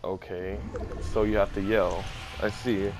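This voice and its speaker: A man's voice: fairly low pitch, little pitch movement, measured pace, music in the background, low-quality recording. A man streaming a game, chatting and teasing his friends, now and then muttering in a sing-song. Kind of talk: casual gaming chat.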